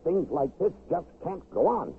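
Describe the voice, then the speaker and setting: A man's voice: a little high, very animated, moderate pace, loud music behind the voice. An actor playing a stern, exasperated father in a 1950s radio drama, harsh and commanding. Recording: tinny, hissy 1950s radio broadcast.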